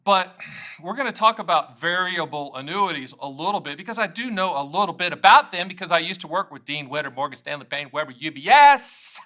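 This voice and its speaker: Bright, high-voiced upbeat American man. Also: animated, fast. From United States. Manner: playful, self-mocking, jumps between jokes and explanation. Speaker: annuity agent and show host. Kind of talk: energetic solo video monologue to camera.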